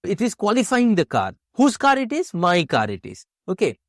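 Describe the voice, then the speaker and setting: A man's voice: high voice, huge pitch swings, normal speed, no room sound, studio quality. A man teaching an exam-prep grammar lesson, explaining step by step and asking and answering his own questions.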